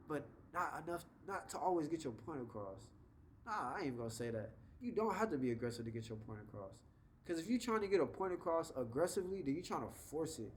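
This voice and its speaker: Young man, easygoing advice vlogger, slightly high voice, faint background hiss. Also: rough recording. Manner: laid-back, conversational, acts out quick example voices. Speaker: vlogger giving life advice. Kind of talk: casual advice monologue.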